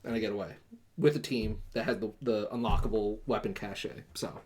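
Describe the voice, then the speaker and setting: A young man hosting a podcast rambles through a gaming story, his lowish, darkish voice slightly rough, fairly even in intonation, and a little fast. He drops fillers and curses as he goes. Whenever he quotes someone, he acts the line out in a livelier voice before easing back into casual chat.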